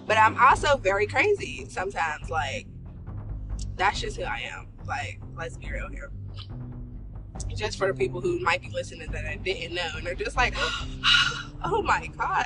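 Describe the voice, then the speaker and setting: A woman hosting her own podcast, talking frankly in slangy casual speech and laughing often. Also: fairly high pitch. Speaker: podcast host. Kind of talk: casual solo podcast talk.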